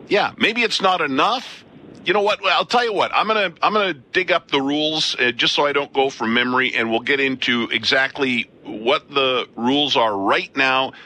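A man's voice: mid-range voice, moderate pace, sharp tone. A man hosting a call-in radio talk show from a studio, chatting and thinking aloud. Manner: conversational, thinks aloud with restarts. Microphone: studio mic.

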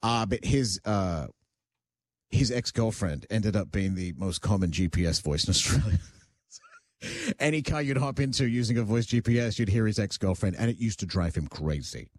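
A man's voice: on the low side, expressive, normal speed. A male radio host chatting casually on air in a blunt, talkative way, often restarting his sentences. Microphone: studio microphone.

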